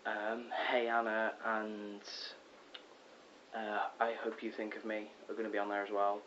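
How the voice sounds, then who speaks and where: Teen guy chatting into a cam in his room, lowish voice, kinda muffled lo-fi with a bit of hiss. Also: a little slow. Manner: rambling, excitable, chatty, many ums and self-corrections. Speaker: vlogger. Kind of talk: casual rambling vlog. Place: bedroom at home. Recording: dull lo-fi with faint hiss.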